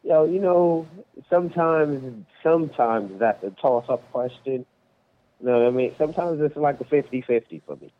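A man's voice: medium pitch, animated, moderate pace. A man co-hosting a casual podcast chat, laid-back and hesitant, full of fillers. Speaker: podcast co-host. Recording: tinny phone-like line.

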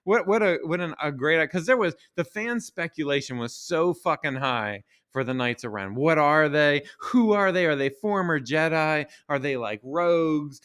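A man's voice: on the high side, lively intonation, moderate pace, few pauses, fairly bright tone, smooth. A man hosting a podcast, delivering a casual, exasperated rant full of swearing and rhetorical questions. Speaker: podcast host. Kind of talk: casual ranting monologue.

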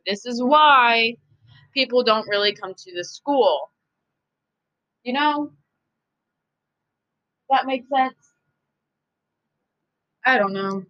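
A woman's voice: on the high side, slow pace, long pauses, a bit bright, lo-fi sound. A woman hosting a podcast, talking in a casual, profane, emphatic and rambling monologue. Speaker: podcast host.

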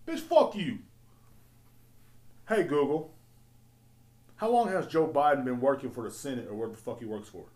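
A man's voice: mid-range voice, very animated, a little fast, a little mellow. A man ranting profanely and rambling as a podcast host. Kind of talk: casual solo rant. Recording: roomy echo.

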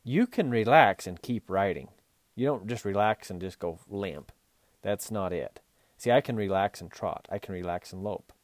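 Speaking at a normal speed in a fairly low voice, a horse and mule trainer from Utah hosts a podcast coaching riders. He's earnest and frequently starts his sentences over, and the recording is dry.

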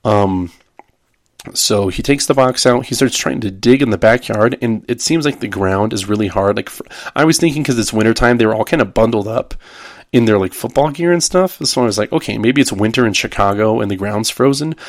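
A man's voice: on the low side, fairly quick, dry recording, studio quality. A man hosting a podcast, casually retelling a TV episode in a rambling way, with frequent ums and restarts. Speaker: podcast host.

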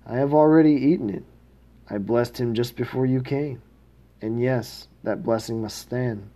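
An aged, blind father pronounces blessings over his sons, as a man reads his part aloud. The voice is mellow and unhurried. It stays close to a plain reading voice and makes no attempt at characterization. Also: medium pitch, natural voice. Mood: solemn. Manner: plain read-aloud delivery with small slips.

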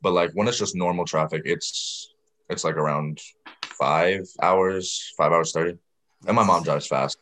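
A man's voice: sits low, a little slow. A young man guest, chatting loosely and rambling through his answers. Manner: relaxed, rambling with fillers. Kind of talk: casual chat.

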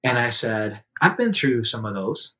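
A man telling a personal story in a relaxed, conversational way, acting out quotes and turning soft in serious moments. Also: unhurried. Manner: lively anecdotal telling, acts out quotes in a raised voice; laughs easily, drops to a soft low voice in serious moments. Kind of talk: casual storytelling.

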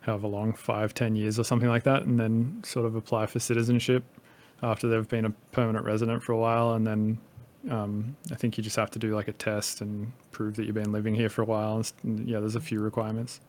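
Relaxed man with a light Australian accent. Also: fairly low pitch, fast talker. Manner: rambling, relaxed, swears freely. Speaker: podcast guest. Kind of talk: casual podcast chat.

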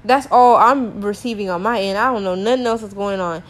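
Speaking fairly quickly in a mid-range voice, a young woman, a teacher, vents to camera about something frustrating. Her rant is casual and slangy, exasperated and heavy on filler words.

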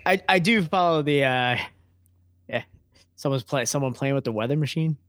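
A man's voice: on the high side, moderate pace, fairly bright tone, dry recording, studio quality. Jokey man chatting over beer. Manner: jokey, rambling, laughs often. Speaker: podcast co-host. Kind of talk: casual chat over beer.

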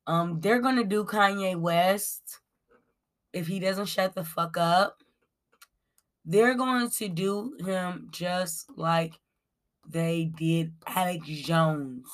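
A woman's voice: fairly low pitch, slow. A woman hosting a casual celebrity gossip commentary, talking bluntly and reading from her notes with frequent ums. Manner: swears freely and addresses viewers as y'all. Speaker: commentary show host.

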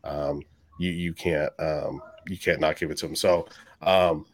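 Young male co-host, deep and dry, loose chatty delivery with frequent restarts. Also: fairly even intonation, unhurried, no echo. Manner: rambling, restarts, swears casually. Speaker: podcast co-host. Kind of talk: casual sports podcast chat.

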